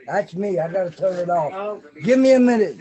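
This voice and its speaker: A man's voice: sits high, expressive, moderate pace, warm tone. A man, a songwriter at an online open mic, chatting in a joking, easygoing way over a video call. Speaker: performing songwriter.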